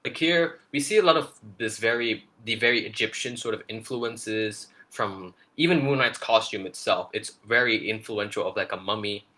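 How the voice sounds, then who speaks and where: A man's voice: lowish voice, moderate pace, hardly any pauses, sharp tone. A man co-hosting a casual trailer breakdown, rambling with lots of fillers and restarts. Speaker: podcast co-host.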